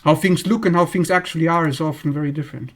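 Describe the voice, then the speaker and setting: A man's voice: fairly high pitch, fast talker. A man hosting an astrology channel, talking bluntly in a casual monologue and acting out the people he describes in a raised voice.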